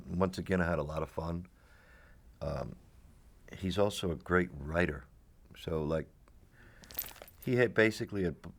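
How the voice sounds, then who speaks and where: A middle-aged man telling rambling stories in a casual interview. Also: deep voice. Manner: rambling storyteller with restarts and laughs. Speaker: actor, interviewee.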